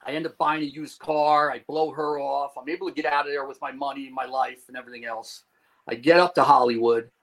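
A man from New Jersey, a podcast guest, telling a story in a lively way, swearing and acting out scenes. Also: mid-range voice, fairly quick, creaky, low-quality recording. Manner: animated, swearing, acts out scenes. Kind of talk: profane comic storytelling.

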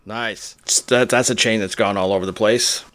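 A man co-hosting a podcast in casual chat, telling animated comic stories. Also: lowish voice, normal speed, dry recording. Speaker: podcast co-host.

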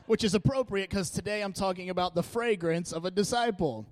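A man giving a casual sermon in a church, talking in a chatty, joking, animated way. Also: high-pitched, a little fast, hardly any pauses, no echo. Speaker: church speaker. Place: church meeting room.

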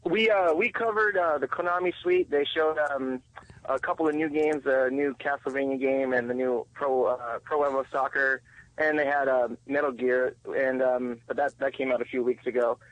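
A man chatting as a podcast guest, hesitant, with many "uh" and "um" pauses. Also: medium pitch, fairly even intonation, dry recording, lo-fi sound. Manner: hesitant, full of "uh" and "um". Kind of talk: casual chat.

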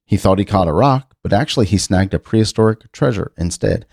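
On a clean, echo-free studio recording, a middle-aged talk show host speaks briskly with a low, creaky, slightly rough and somewhat mellow voice and lively intonation. He hosts a casual radio-style chat show, musing and rambling through news items with many restarts.

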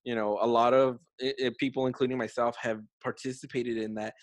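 A man's voice: medium pitch, flat delivery, fairly quick, no echo. A young man hosting a casual conversation, chatty with many fillers and frequent laughter.

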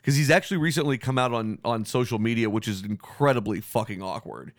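Man, podcast host, mid pitch, blunt joking banter, dry close sound. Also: quick pace, dry recording. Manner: joking, blunt, swears freely.

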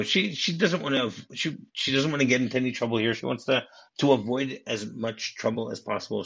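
A man's voice: medium pitch, a bit bright, slightly rough, muffled recording. A man hosting a podcast, casually retelling movie scenes with many restarts and acted-out lines. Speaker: podcast host.

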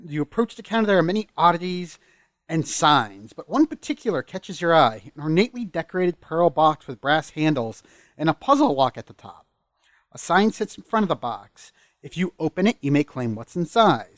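A man's voice: on the high side, sing-song, normal speed, no room sound, clean studio sound. A man co-hosting a podcast, narrating a tabletop scene in a storyteller's pace and laughing between lines. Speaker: podcast co-host and game master.

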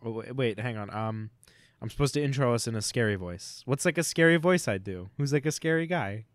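A man's voice: medium pitch, no echo, clean studio sound. A young man co-hosting a comedy podcast, joking and teasing in casual chat. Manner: jokey, teasing, quick with impressions. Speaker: podcast co-host.

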